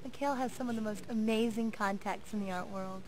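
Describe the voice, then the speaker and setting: A woman's voice: mid-range voice, brisk, lightly acted. An actress playing a catty, sweetly sarcastic young woman in a 1990s game video. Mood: polite.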